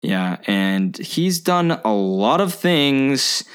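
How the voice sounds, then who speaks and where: A man's voice: medium pitch, big pitch swings, extremely slow, clean tone. A man co-hosting a podcast, chatting casually about movies, rambling a bit, hedging with "I think" and laughing often. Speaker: podcast co-host.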